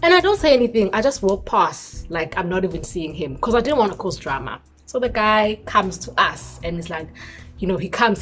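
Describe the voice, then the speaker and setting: A young South African woman vlogger telling a personal story in an expressive voice, mixing in isiZulu words. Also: medium pitch. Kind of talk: storytime vlog.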